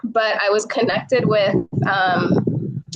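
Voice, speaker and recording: A woman's voice: mid-range voice, slow pace, dull audio. A woman from New York, a podcast guest telling a story in casual chat, laughing often and acting out what people said. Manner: laughs often, animated retelling with quoted voices. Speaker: podcast guest, travel creator.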